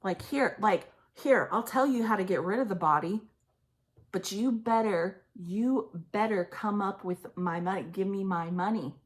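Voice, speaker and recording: A woman's voice: mid-range voice, a little slow, close to an everyday voice. A woman acting out an angry, greedy mother who curses and snarls threats. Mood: threatening.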